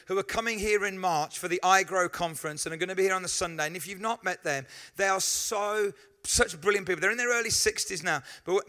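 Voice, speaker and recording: A man preaches to his congregation, weaving in stories and quick asides. His voice sits high for a man and rings bright and forward. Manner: lively storytelling with asides to the congregation. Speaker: pastor. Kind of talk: sermon.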